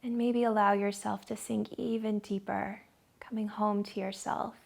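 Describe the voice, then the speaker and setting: A woman yoga instructor talks a gentle class through breathing and poses in a slow, soothing way. Her voice has a gravelly, fry-touched edge, and she sits at a middling pitch for a woman. She is recorded at home in her living room. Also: level tone.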